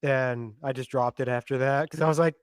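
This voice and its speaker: A man's voice: mid-range voice, brisk, clean tone, no echo. A man co-hosting a podcast, chatting casually and dropping dry jokes. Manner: joking, deadpan quips. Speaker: podcast co-host.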